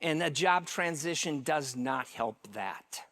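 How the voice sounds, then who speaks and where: A man, a care pastor, giving a welcome talk and telling a story into a microphone, halting with fillers and restarts. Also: fairly high pitch, animated, fairly bright tone. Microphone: handheld microphone.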